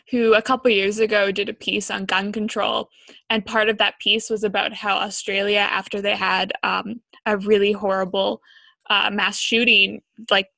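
A woman's voice: medium pitch, vocal fry, bright, forceful tone, dry recording. Chatty young woman explaining things. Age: young adult. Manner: chatty, explanatory, self-deprecating. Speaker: podcast co-host. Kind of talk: casual podcast chat.

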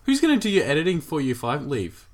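A man working as the podcast's sound engineer, firing off dry quick comebacks. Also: a little high, big pitch swings, a little mellow. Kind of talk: comedy podcast banter.

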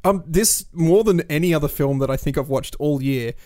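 A man's voice: on the high side, normal speed, a little mellow, no room sound, studio quality. Rambling man reviewing film trailers. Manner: rambling, restarts a lot, acts out his own reactions. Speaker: podcast co-host. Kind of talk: casual film review chat.

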